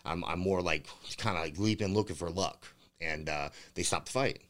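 A man's voice: sits low, normal speed, fairly bright tone. A man, a fighter guest on a casual interview, rambling through stories with lots of swearing and fillers. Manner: rambling, profane storytelling with many fillers. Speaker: bare-knuckle fighter guest.

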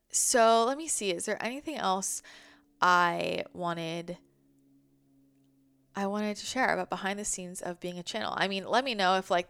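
A woman's voice: fairly low pitch, a bit bright, clear, resonant tone, no room sound, studio quality. A young adult woman talking casually and reflectively as a spiritual channel, rambling with lots of fillers, heartfelt and sometimes swearing. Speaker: spiritual channel, podcast host.

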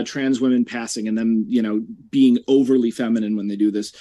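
A man's voice: medium pitch, darkish tone. A man on a debate panel, earnestly arguing his point. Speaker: panel guest. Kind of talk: debate argument.

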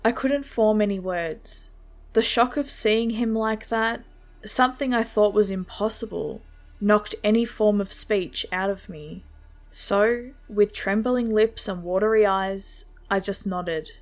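A woman narrating a first-person horror story in a steady, measured storytelling way. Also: mid-range voice.

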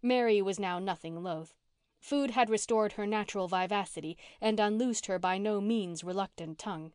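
A woman reads a classic novel aloud in an even, measured way, with her pitch sitting in a middle range. The recording is close and dry, with no room sound around her voice. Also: clear, resonant tone, no room sound. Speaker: audiobook narrator. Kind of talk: scripted narration.

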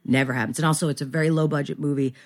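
A woman's voice: deep voice, steady tone, rapid-fire. A woman in her fifties, a guest actress in a casual podcast interview, rambling and self-deprecating with many restarts.

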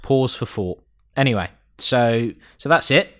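A man's voice: medium pitch, expressive, unhurried, a bit bright. A man co-hosting a podcast, rambling and joking as he recaps a show, swearing freely. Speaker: podcast co-host. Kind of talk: casual chat.

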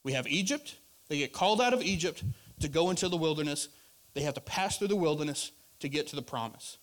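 Animated preaching man, slightly high voice. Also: a little fast. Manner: conversational preaching, swinging between loud emphasis and quiet asides. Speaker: pastor. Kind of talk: sermon.

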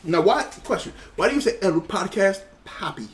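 A man's voice: high voice, animated, moderate pace, recorded from a distance, slight background noise. A man co-hosting a casual podcast, laughing and joking with friends as they trade nicknames. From United States. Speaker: podcast co-host. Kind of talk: casual chat.

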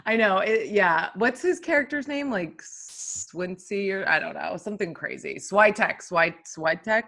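Film podcast co-host: bright, sharp-toned woman, giggly and blunt. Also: medium pitch, measured pace, gravelly. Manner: animated, giggly, blunt jokes. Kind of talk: casual film chat.

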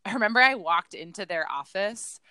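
A woman's voice: mid-range voice, lively intonation, a little fast, sharp tone, smooth, no echo. A woman who coaches fitness, co-hosting a casual podcast and earnestly telling her own story, voicing her past self in quotes.

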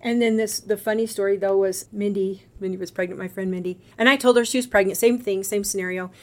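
A middle-aged woman, a guest on a podcast, telling a personal story in a casual, animated way and acting out the other people's lines. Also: medium pitch, quick pace. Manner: animated, acts out quoted voices.

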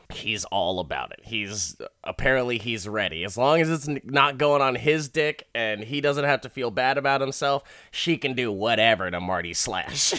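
A man's voice: mid-range voice, a bit bright, dry recording, clean studio sound. A man casually recapping an episode with heavy swearing and frequent laughter. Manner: profane, laughs often while talking. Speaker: show recap host.

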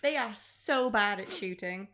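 A woman co-hosting a film podcast, giving blunt, sarcastic, animated opinions in casual chat. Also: mid-range voice, measured pace. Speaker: podcast co-host.

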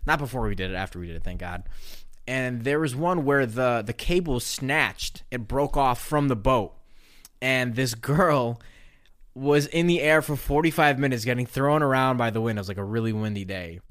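A man co-hosting a casual chat, telling animated stories and swearing freely. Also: medium pitch, moderate pace, dry recording, studio quality. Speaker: podcast co-host.

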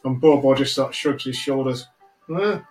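A man running a tabletop game as game master, narrating in a relaxed, conversational way. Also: mid-range voice, brisk, faint music behind, low-quality recording.

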